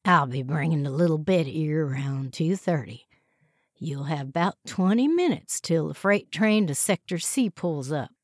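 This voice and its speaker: A quiet, folksy male farmhand, as a woman reader puts him on, his voice dropped low and held soft. He speaks in a plain drawl, steady and unhurried, in a dry storybook reading. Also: dry recording.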